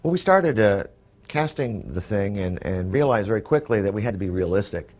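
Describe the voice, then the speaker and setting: A man in an interview recalling past decisions in a measured, thoughtful way with some hesitations. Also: fairly low pitch, very animated, darkish tone, a little hiss or hum. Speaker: interviewee recalling making a film. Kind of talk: reflective interview.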